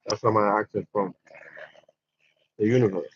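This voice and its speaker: A man's voice: fairly low pitch, normal speed, darkish tone, no echo. A man with a French accent hosting a motivational livestream, speaking emphatically and repeating himself, often calling his viewers "guys.". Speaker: livestream host. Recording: dull dry lo-fi sound.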